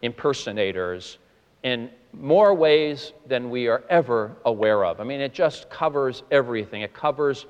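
A man's voice: mid-range voice, lively intonation, normal speed, smooth, dull audio. Man preaching a sermon in a reverberant hall. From Boston. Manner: earnest, emphatic preaching with rising stresses. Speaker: pastor.

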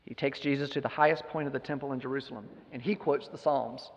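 A man's voice: mid-range voice, steady tone, quick pace, long reverb tail, dull audio. A man giving a sermon, retelling a scripture story with emphatic rhetorical questions. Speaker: preacher.

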